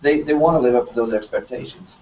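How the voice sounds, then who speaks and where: A man talking in a casual panel chat. He speaks quickly and thoughtfully. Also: medium pitch, crowd noise. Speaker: panel guest. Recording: echoey, distant, muffled with faint noise.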